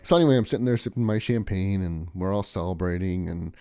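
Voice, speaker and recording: A man's voice: quick pace, dark tone, smooth, no room sound. A man vlogging in a casual, rambling monologue, chatty and sarcastic. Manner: chatty, sarcastic, mocks others in shrill impressions.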